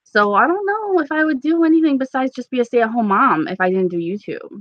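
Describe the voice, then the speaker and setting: A woman's voice: sits high, lively intonation, a little fast, no room sound. Young woman, sore stuffy throat, chatty live-stream host, dry dull lo-fi audio. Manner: chatty, answers viewers by name. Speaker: beauty YouTuber hosting a live stream. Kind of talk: casual live-stream chat reading comments.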